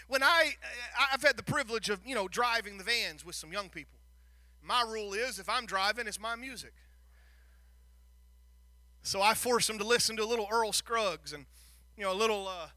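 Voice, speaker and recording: High bright preacher. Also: male voice, dry recording. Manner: swings from quiet asides to shouted preaching; folksy, quotes scripture. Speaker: pastor. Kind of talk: sermon.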